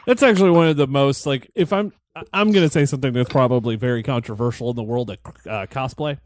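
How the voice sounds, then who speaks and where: A man's voice: mid-range voice, fast talker, darkish tone. A man co-hosting a casual movie commentary show, offhand and wry, dropping jokes. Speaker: podcast co-host.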